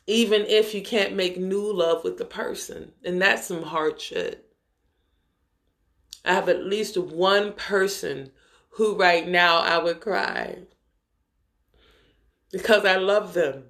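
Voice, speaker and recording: A woman spiritual teacher giving a live-streamed spiritual talk, gentle and heartfelt, calling her listeners brothers and sisters of the light and drawing out words slowly for emphasis. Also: lowish voice.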